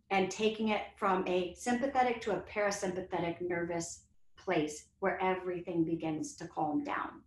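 A woman leading a children's yoga breathing exercise in a webinar, speaking in a soothing, encouraging way to both kids and teachers. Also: mid-range voice. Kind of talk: guided yoga instruction in a webinar. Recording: roomy echo.

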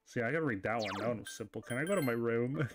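A man's voice: medium pitch, quick pace. A man hosting a let's play, reading the game's dialogue aloud and cracking jokes and the odd swear between lines. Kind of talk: casual gaming commentary. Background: faint game music.

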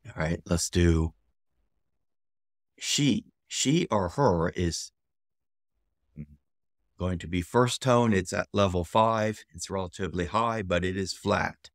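A man teaching a casual video lesson, slowly repeating each word several times with relaxed fillers. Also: low voice, no room sound, clean studio sound. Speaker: language teacher.

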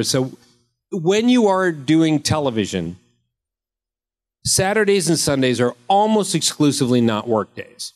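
Actor in his fifties, fan panel Q&A, loose and jokey storyteller, mid-pitched voice. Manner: joking, rambling anecdotes with comic voices. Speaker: actor answering fan questions. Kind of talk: casual convention panel Q&A. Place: convention panel room.

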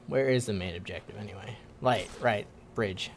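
A man's voice: lowish voice, moderate pace, slight background noise. A young man giving casual, joking commentary while playing a video game, swearing often and taunting the enemies on screen. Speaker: gaming video host.

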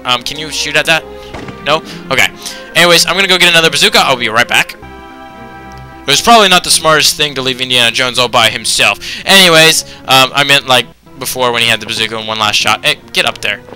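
A man's voice: mid-range voice, sharp tone. A young man giving casual let's-play commentary on a video game, rambling along with lots of ums and anyways.

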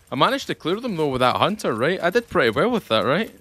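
A man from the UK chatting excitedly to viewers while playing a game. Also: a little high, moderate pace, long pauses. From United Kingdom. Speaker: gaming channel host. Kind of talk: casual gameplay commentary.

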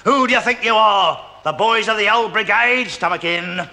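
A man's voice: high voice, moderate pace, sharp tone, exaggerated voice. An actor playing a bullying drill sergeant, barking orders and mocking his recruits in a 1970s studio sitcom. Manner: jeering, barking orders, laughs at own jokes. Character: bullying male army drill sergeant who mocks recruits. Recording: hissy old TV sitcom audio with studio audience laughter.

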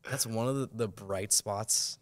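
A teenage boy on a school podcast talks in a loose, casual way, hammering home his opinions by saying them twice. His voice is low and steady. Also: unhurried. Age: teens. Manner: emphatic, repeats his points. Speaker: student podcast co-host. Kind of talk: casual chat.

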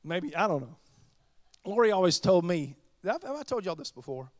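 A pastor preaching a sermon, chatty and joking with the congregation. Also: male voice, high-pitched, big pitch swings, moderate pace, darkish tone, no room sound.

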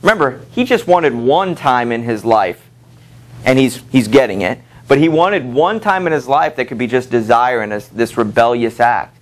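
A man teaching a high school literature class in a classroom, conversational and full of fillers as he reads quotes aloud. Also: expressive, moderate pace. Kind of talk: classroom lecture.

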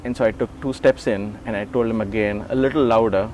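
A man's voice: lowish voice, a little fast, a little hiss or hum. A man in his forties recounting memories in an interview, acting out the voices in his stories with chuckles and restarts. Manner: animated, acts out quoted dialogue. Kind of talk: storytelling recollection.

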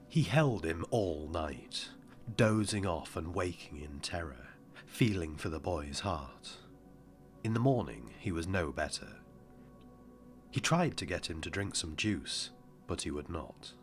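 A man with a very deep voice narrates an audiobook in a measured, somber manner, his expressive delivery rising and falling. Soft music plays faintly underneath.

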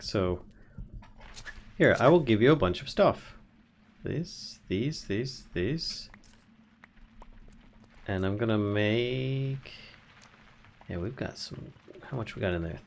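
Man, low voice, gravelly, casual gaming stream chat, thinks aloud, reads recipes, laughs often. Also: slow, pauses often, a little hiss or hum. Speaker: streamer, co-host.

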